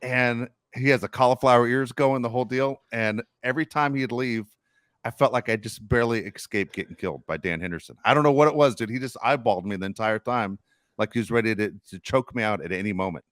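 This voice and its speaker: A middle-aged man hosting a sports podcast, telling stories in casual, animated chat. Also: mid-range voice, fast, no echo, clean studio sound. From Los Angeles area. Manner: storytelling, animated, swears casually. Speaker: podcast host.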